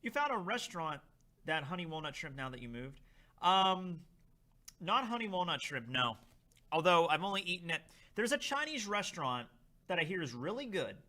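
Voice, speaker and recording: A young man hosts a casual livestream, reading viewer messages aloud as he rambles on. His voice sits fairly high and bright, with lively swings in pitch. He talks in an easygoing, animated way. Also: normal speed. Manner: reads chat aloud, tastes snacks, animated and rambling. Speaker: livestream host.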